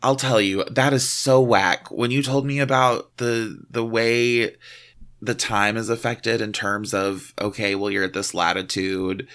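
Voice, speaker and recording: A man's voice: lowish voice, flat delivery, measured pace, fairly bright tone. A man from small-town Texas, co-hosting a podcast in casual, profane, self-mocking chat. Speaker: podcast co-host.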